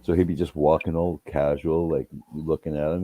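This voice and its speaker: A man's voice: extremely low pitch, a little fast, dry recording, narrow, tinny audio. A man telling rambling, profane anecdotes in casual chat. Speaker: storyteller.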